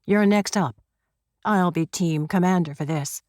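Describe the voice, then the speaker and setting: A woman voicing a middle-aged male police sergeant who gives brisk, authoritative orders in an audiobook. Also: on the low side, darkish tone, no echo, studio quality, lightly acted. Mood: commanding.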